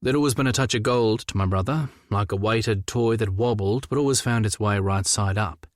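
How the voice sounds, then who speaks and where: A man's voice: lowish voice, normal speed, dry recording. A young adult man narrating a novel in the first person, with a wry, dry storytelling manner. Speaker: audiobook narrator.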